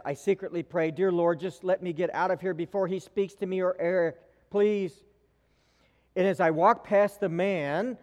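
A man preaching a sermon in a church, telling a story with slow dramatic pauses. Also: sits high, a little mellow. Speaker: pastor. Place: church sanctuary. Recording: long reverb of a large church hall.

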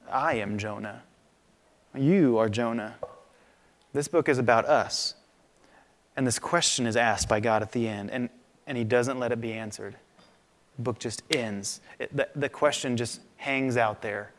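A man pastor preaching a sermon in a conversational, animated way, in a church sanctuary. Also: mid-range voice, unhurried, long pauses. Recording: long reverb of a large hall.

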